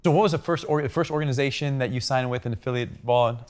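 A man's voice: mid-range voice, quick pace. A man co-hosting a podcast, asking the guest questions and feeling his way through them. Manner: conversational, searching for words. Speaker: podcast co-host. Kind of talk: interview questions.

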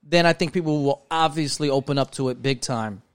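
A man's voice: medium pitch, fairly quick, smooth, no echo. A young man from New York co-hosting a podcast, chatting casually and rambling with lots of "like" and "you know". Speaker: podcast co-host.

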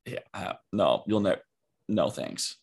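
A man's voice: sits low, lively intonation, a little slow, gravelly, slightly rough. A young man co-hosting a podcast, chatting casually and giving blunt, rambling opinions. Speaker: podcast co-host. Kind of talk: casual chat.

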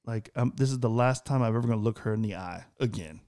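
Guy in his 30s telling a story on a podcast, lively, does the quotes in a higher voice, middle pitch. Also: fast talker. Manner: animated, acts out quoted lines in a higher voice. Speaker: podcast co-host. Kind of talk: casual storytelling.

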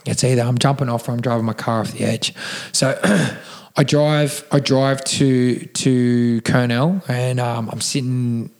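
A man's voice: mid-range voice, steady tone, a little slow, few pauses, darkish tone. An Australian man, a podcast guest, telling his story in a casual rambling way, with many restarts and swearing, emotional and close to tears.

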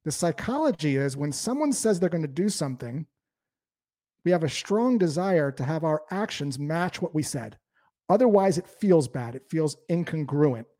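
Brief: male sales trainer, mellow tone, slightly higher pitch, explanatory. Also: normal speed. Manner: explanatory, lively coaching. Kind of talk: instructional talk.

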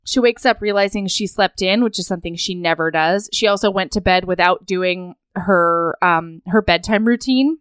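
Woman co-host, smooth clear voice, dry close sound, lively recap chat. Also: lowish voice, moderate pace, hardly any pauses, dry recording. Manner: animated retelling, acts out lines. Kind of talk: casual book recap chat.

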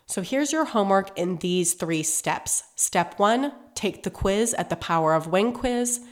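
A woman's voice: mid-range voice, lively intonation, unhurried. Nasal, congested woman podcast host. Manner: direct, encouraging, coaching tone to listeners. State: congested from a cold. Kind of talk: motivational podcast monologue.

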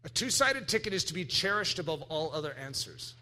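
Animated bright-voiced male preacher. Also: on the high side, a little fast. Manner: animated preaching with acted-out voices and sudden shouts. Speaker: pastor. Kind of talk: sermon.

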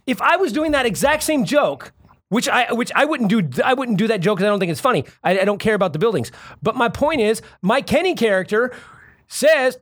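Argumentative man, high voice. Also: lively intonation, fairly quick. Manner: argumentative, acts out quotes in character voices. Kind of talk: heated casual debate.

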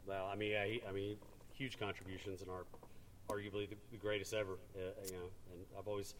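A man's voice: lowish voice, level tone, fast, fairly bright tone. A man hosting a podcast, asking rambling questions full of fillers in a casual chat. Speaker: podcast host. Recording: echoey room with faint background noise.

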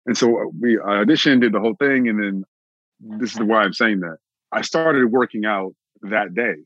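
A man from Austin, Texas, an actor telling his own story in an interview, animated and repeating phrases for emphasis. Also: fairly low pitch, moderate pace, no echo, dull audio. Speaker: actor, guest.

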